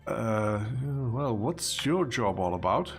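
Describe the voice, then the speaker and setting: A man's voice: lowish voice, animated, takes it slowly. A man hosting a let's play, chatting casually and amused as he plays, rambling with fillers. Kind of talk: casual gameplay commentary.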